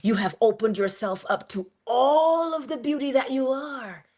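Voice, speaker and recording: A woman's voice: sits high, measured pace, a little mellow. A woman giving an earnest but casual inspirational monologue as a motivational speaker, talking conversationally with sudden emphasis.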